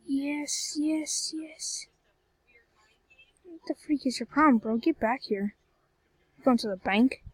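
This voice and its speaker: High-voiced woman rambling over gameplay. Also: takes it slowly, pauses often, dry recording. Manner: rambling, exclaims and grumbles often. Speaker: gameplay video creator. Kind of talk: casual gameplay commentary.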